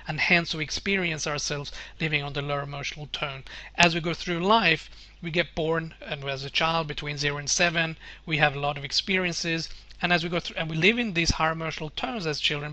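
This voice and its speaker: A man's voice: fairly high pitch, bright, forceful tone, dry recording. A man presenting a webinar with slides, explaining earnestly and often circling back to restate his points.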